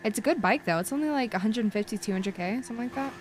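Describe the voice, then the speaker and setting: A woman's voice: on the high side, expressive, fast talker, slight background noise. A woman chatting in character as a roleplay lawyer, rambling through a story with lots of fillers.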